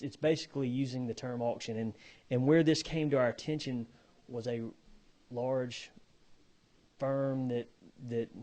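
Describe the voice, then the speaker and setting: A man giving committee testimony as an auctioneer, halting and repeating words as he explains. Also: medium pitch, darkish tone.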